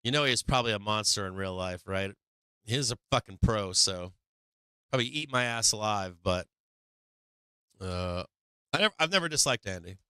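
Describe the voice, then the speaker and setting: A man's voice: on the low side, expressive, normal speed, pauses often, sharp tone, clean tone, no room sound. A man hosting a stock market livestream, chatting casually and profanely with his viewers in a rambling way.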